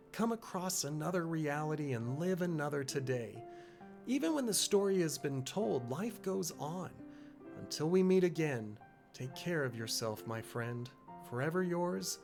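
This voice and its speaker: A man's voice: a little high, vocal fry, heavily acted. Brash young female thief, man putting it on, put-on Australian drawl, heartfelt game lines, faint music behind. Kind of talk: reading game dialogue aloud.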